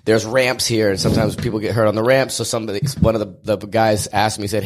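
A man's voice: fairly low pitch, fairly even intonation, fast talker. A man, a guest and event host, chatting casually on a podcast in a hotel room and telling jokey stories while acting out what others said. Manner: joking storyteller who acts out quoted voices.

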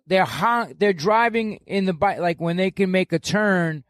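An older man with a New York accent, telling stories in a blunt, profane, animated way in casual chat. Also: sits high, measured pace, dry recording, studio quality.

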